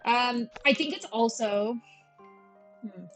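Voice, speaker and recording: A woman in her thirties with a Valley Girl voice rambles through casual, self-deprecating gameplay commentary as a streamer. Her voice is on the high side and she takes it slowly. Faint game music plays behind the low-quality recording.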